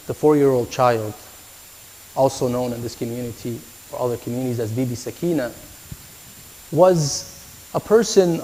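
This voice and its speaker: A man giving a sermon at a mourning gathering, moving from calm teaching into a chanted, emotional lament. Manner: voice climbs higher and louder, chanting lines as a lament. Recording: echoey hall.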